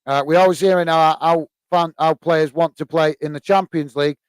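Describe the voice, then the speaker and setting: A man's voice: on the high side, fairly even intonation, clear, resonant tone, dry recording. A man with a British accent hosting a football live stream, reading out viewer comments and welcoming people with lots of "uh" fillers and "mate". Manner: halting, many "uh" fillers, calls viewers "mate". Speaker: football channel host reading live chat. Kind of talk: casual live stream chat.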